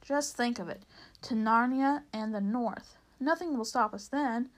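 A proud male talking horse from a storybook, fussy about his dignity and given to formal, old-fashioned turns of phrase, as a woman reads him aloud. The voice sits a little high and keeps close to her plain reading tone. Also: unhurried, close to an everyday voice. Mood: confident.

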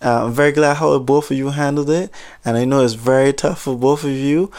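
A man's voice: mid-range voice, lightly acted. A man doing a flustered, soothing female supervisor. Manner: hesitant, halting, gently reassuring.

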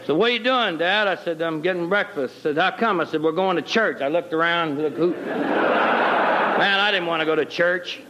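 A man's voice: on the high side, normal speed, background noise. A middle-aged man telling his personal conversion story in a folksy, plain-spoken way with homespun grammar. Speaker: guest telling his testimony.

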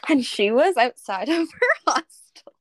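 A young woman co-hosting a podcast over a remote call, animated and swearing freely in casual chat. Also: high-pitched, a little slow, slight background noise. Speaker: podcast co-host.

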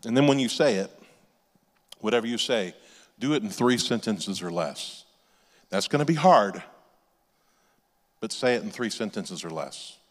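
A male pastor with a low voice, preaching in a loose, conversational way and drifting into asides. His voice rings out into a large church sanctuary with a long reverb tail. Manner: conversational, with off-script asides and restarts. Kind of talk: sermon.

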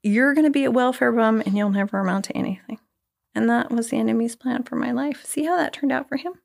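A middle-aged woman sharing an emotional personal faith testimony as a guest, swinging from loud exclamations to breathy whispers. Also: fairly high pitch, fast.

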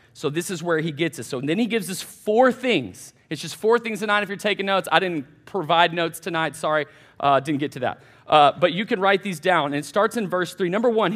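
A young man, a college pastor giving a casual, energetic sermon to students, peppered with "like" and "man.". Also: sits high. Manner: energetic and conversational, full of fillers like "like" and "man".

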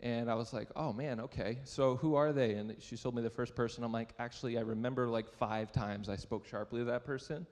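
A young pastor talks briskly with few pauses, his medium-pitched, darkish voice holding fairly even intonation. Preaching in a church sanctuary with big-room sound, he shares a self-deprecating personal anecdote conversationally and puts questions to the audience.

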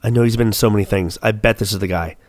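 A man on a casual podcast, excitable and swearing heavily while he thinks aloud through a trivia question. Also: lowish voice, very fast, no room sound. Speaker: co-host. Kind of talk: casual podcast chat, quiz game.

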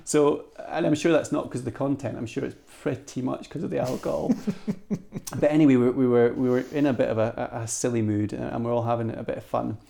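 A Scottish man, a podcast guest, telling a story in a lively style, with many restarts. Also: mid-range voice, brisk, creaky. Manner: animated storyteller, restarts and laughs. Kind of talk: anecdotal storytelling.

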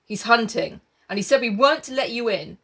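A woman's voice: fairly high pitch, lively intonation, fairly bright tone, husky. A woman casually chatting and reading a novel aloud, laughing and swearing as she goes. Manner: laughing, sweary, breaks into quick character voices. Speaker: book club co-host reading aloud. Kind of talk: casual chat with read-aloud passages.

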